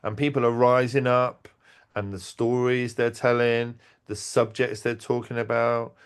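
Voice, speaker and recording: Animated man telling stories. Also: medium pitch, measured pace, clear, resonant tone. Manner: animated, swearing, restarts sentences, acts out quotes. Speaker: event organizer and podcast guest. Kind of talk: casual conversational storytelling.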